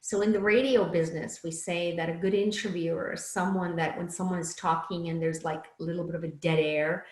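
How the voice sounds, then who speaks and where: A woman's voice: fairly low pitch, steady tone, fairly quick, hardly any pauses, roomy sound, low-quality recording. A woman giving a casual talk on empathy skills, chatty, with many fillers and asides. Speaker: speaker teaching empathy skills.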